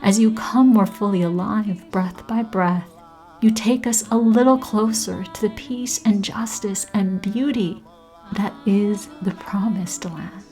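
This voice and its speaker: A woman hosting her podcast in slow, soft scripted narration that often drops to a whisper. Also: mid-range voice, faint music behind, low-quality recording. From Canada. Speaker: podcast host.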